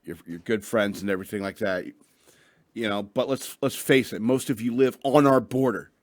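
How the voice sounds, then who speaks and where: A man's voice: on the low side, moderate pace, no echo, studio quality. A man hosting a radio show, ranting and reading news stories in a rambling, profane way with lots of restarts, a bit tipsy.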